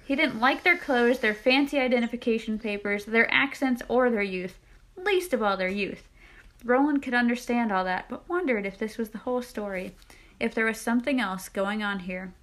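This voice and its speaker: Woman reading aloud, slightly high voice. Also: normal speed, fairly bright tone. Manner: chatty, laughing asides between passages. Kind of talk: casual read-aloud of a novel.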